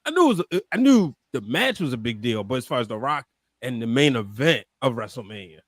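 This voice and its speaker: A man's voice: medium pitch, very animated, a little fast, dry recording. A man co-hosting a wrestling podcast, rambling through his point and peppering it with "you know". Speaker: podcast co-host. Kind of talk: casual wrestling chat.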